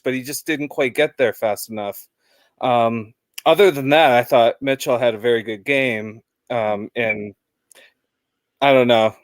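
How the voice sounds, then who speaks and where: A man's voice: medium pitch, measured pace, dry recording, clean studio sound. A man chatting casually as a guest fan about a football match, rambling with lots of fillers.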